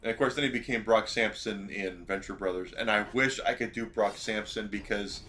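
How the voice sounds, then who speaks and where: A man's voice: on the low side, brisk, pushed and bright, slight background noise. A man streaming a video game, chatting casually and rambling as he plays. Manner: rambling, self-correcting, chatty. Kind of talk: casual gameplay commentary.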